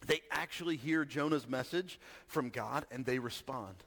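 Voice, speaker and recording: A man's voice: medium pitch, normal speed, vocal fry, fairly bright tone, big-room sound. A man giving a casual sermon and reading scripture aloud, talking conversationally and often checking in with his listeners. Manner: conversational, asks the audience. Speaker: preacher.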